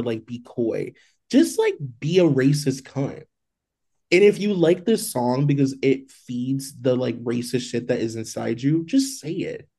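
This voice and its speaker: A man co-hosting a podcast in casual chat, talking in an exasperated, animated way and swearing freely. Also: medium pitch. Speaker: podcast co-host.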